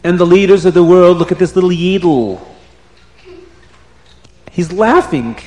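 Animated male storyteller, echoey room. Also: high-pitched, quick pace. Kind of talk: telling a religious children's story. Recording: roomy echo.

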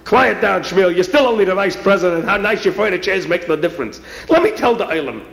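A man's voice: high-pitched, lively intonation, fast, gravelly, fairly bright tone, exaggerated voice. A man doing a tipsy, boastful businessman. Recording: roomy echo.

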